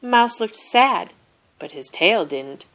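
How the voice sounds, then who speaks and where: Reading a picture book for children, a woman tells the story slowly and with plenty of expression. Her voice sits in the middle range.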